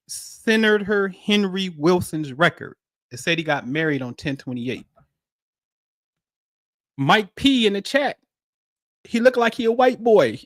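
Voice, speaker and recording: A man hosting a spiritual livestream, talking in animated, preachy street slang. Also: sits high, no room sound, studio quality. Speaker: livestream host.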